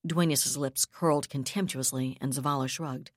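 A woman narrating a novel in a steady, clear reading voice. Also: rumbling low, normal speed, hardly any pauses, dry recording, clean studio sound. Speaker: audiobook narrator. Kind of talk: scripted narration.

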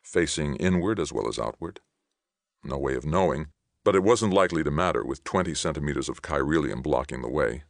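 A man giving a steady, measured audiobook reading of a science fiction novel. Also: extremely low pitch, creaky, dry recording, clean studio sound. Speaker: audiobook reader. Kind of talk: scripted narration.

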